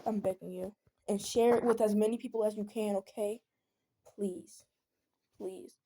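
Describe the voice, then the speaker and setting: A woman's voice: mid-range voice, steady tone, normal speed, warm tone, slight background noise. A teenage girl venting in a casual monologue, earnest and rambling, often pleading. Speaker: vlogger.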